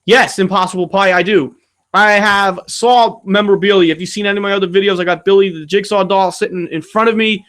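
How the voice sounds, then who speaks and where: A man's voice: high-pitched, fairly even intonation, brisk, a bit bright. A man hosting a casual livestream Q&A, talking in a rambling, profane, ranting way as he reads viewer questions. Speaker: channel host answering viewer questions. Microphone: streaming setup mic.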